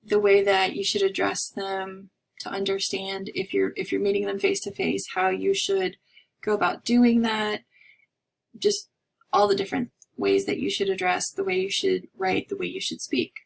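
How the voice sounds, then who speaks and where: A woman's voice: medium pitch, little pitch movement, moderate pace, gravelly, rough recording. A woman instructor from North America giving a recorded lecture in a chatty, discursive way with many fillers. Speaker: college instructor.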